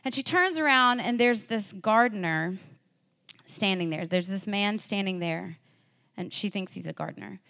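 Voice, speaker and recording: A woman delivers a sermon in an earnest, conversational way. Her voice sits at a middle pitch for a woman. She talks through the story as if speaking with friends. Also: normal speed, gravelly, pushed and bright. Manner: earnest, acts out the disciples' and Mary's feelings in quoted voices; conversational, with fillers and restarts. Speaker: preacher.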